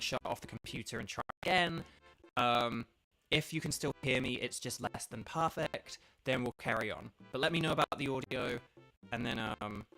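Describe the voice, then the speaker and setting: An English game streamer chats hesitantly with his live-stream audience from a home setup, using lots of filler words. His medium-pitched voice is bright and forceful, captured through a laptop streaming setup.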